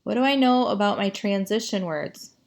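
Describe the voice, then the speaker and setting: A woman's voice: medium pitch, creaky. A woman teacher giving a writing lesson, reading sentences aloud and asking the class what to fix. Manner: slow, explaining, asks the class questions.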